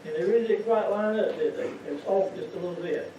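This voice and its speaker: A man with a high voice preaches a folksy sermon, asking the congregation one rhetorical question after another. He sounds distant and muffled. A long, heavy echo fills the church around him. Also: quick pace, mellow, slight background noise. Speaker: lay preacher. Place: church sanctuary.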